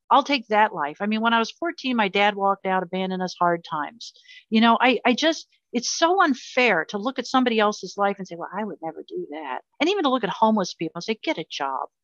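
A woman's voice: mid-range voice, a bit bright, dry recording. A middle-aged woman speaks with earnest passion, pressing her points hard. Her mid-range voice comes through dry and a little muffled, as on modest lo-fi interview audio. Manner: earnest, impassioned, emphatic. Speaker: interview guest. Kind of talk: emotional personal interview. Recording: slightly dull lo-fi audio.

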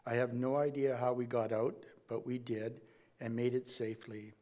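A man delivering a eulogy in a church, reading carefully from prepared notes. His voice sits in an ordinary middle pitch, and he stumbles and restarts now and then. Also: level tone, darkish tone. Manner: measured, reading aloud with small slips and restarts. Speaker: family member giving a eulogy.

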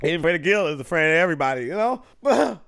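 A man's voice: fairly high pitch, sing-song, fast talker, creaky, fairly bright tone, clean tone. A man hosting a movie reaction video, laughing often and apologizing through the laughs as he talks over the film. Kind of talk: casual reaction commentary.

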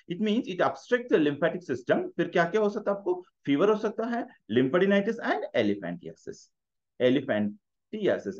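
A man with a fairly high, lively voice races through a medical revision lecture. He switches between Hindi and English, hammers key terms again and again, and keeps throwing questions at the listener. The recording sounds dull and lo-fi. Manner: mixes Hindi and English, repeats key terms, quizzes the viewer. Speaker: medical exam tutor.

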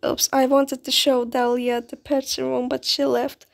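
Gushing high-voiced woman gaming vlogger. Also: flat delivery, measured pace, creaky, slight background noise. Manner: gushing, repeats exclamations. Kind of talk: excited game commentary. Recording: music playing under the voice.

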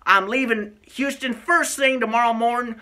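A man voicing a loud, boastful male baseball superfan with a Texan accent, folksy and forever calling people son, as a comic vlog character. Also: extremely high pitch, steady tone, moderate pace, dry recording, voice pushed up, heavily acted.

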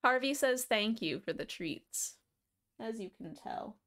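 A woman's voice: a little high, lively intonation, measured pace, a bit bright. A young adult woman streamer chatting casually and affectionately on a live stream, swearing now and then.

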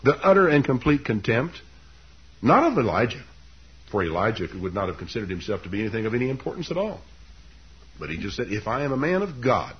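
A man preaching a sermon, telling a scripture story with lively, dramatic delivery. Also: slightly rough, muffled recording. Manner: animated storytelling, leaps up in pitch for quoted lines.

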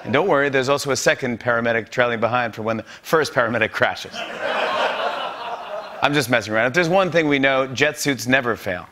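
A man's voice: mid-range voice, noisy background. Joking man delivering a comedy monologue. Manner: joking, quick asides, laughs at own jokes. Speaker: late-night host.

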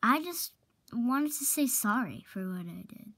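A woman's voice: on the high side, lively intonation, a bit bright, heavily acted. A woman voicing an awkward teenage girl who stumbles through a hesitant apology in a fan role-play drama. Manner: hesitant, halting, full of fillers.

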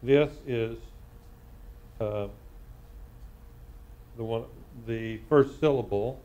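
A man teaching a live Torah class as a rabbi, reading Hebrew word by word and translating it with frequent pauses. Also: mid-range voice, mellow, dull audio. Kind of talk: live Bible study lesson.

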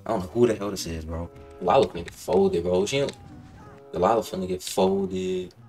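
A young man hosting casual gameplay commentary, excitable and profane, rambling and saying "bro" constantly. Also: low-pitched, moderate pace, faint music behind. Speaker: gaming channel host.

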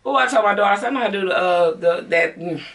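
Chatty Southern woman with a gravelly voice. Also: mid-range voice, rapid-fire, a bit bright, distant mic. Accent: Southern American. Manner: chatty, talks straight to viewers as y'all. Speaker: beauty vlogger. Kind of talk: casual haul vlog to camera.

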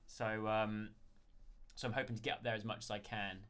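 A man's voice: lowish voice, level tone, brisk, fairly bright tone. A man chatting casually on a live stream, thanking viewers one by one and answering their questions.

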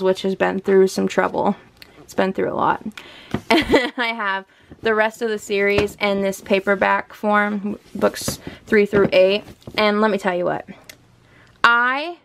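Gushing over her shelves in a home room by a bookshelf, a young book vlogger talks chattily and laughs a lot. She has a medium-pitched voice with vocal fry, and there's slight background noise.

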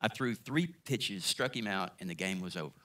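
A man's voice: low voice, moderate pace. A middle-aged man, a guest speaker telling a story in a sermon, acting out the dialogue. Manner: animated storyteller, acts out dialogue.

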